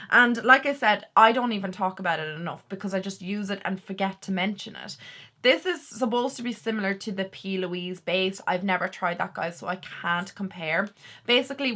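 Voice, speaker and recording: Bright-voiced woman reviewing makeup. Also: medium pitch. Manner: chatty, enthusiastic, quick asides. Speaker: beauty vlogger. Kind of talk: casual product review.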